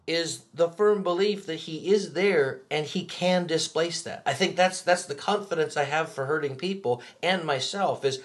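Male guest, thoughtful, halting delivery, a bit higher-pitched. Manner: thoughtful, halting, repeats words while searching. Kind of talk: reflective faith conversation.

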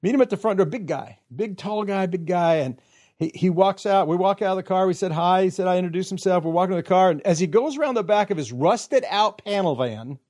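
A man's voice: high-pitched, animated, brisk, darkish tone. A middle-aged man casually telling a long personal story, acting out quotes and often laughing.

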